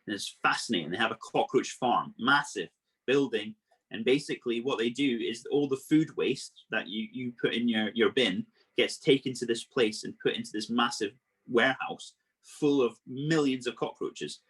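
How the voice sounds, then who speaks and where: A man presenting an exotic animal workshop over a video call, explaining facts to children in a lively, playful way. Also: medium pitch, moderate pace, husky.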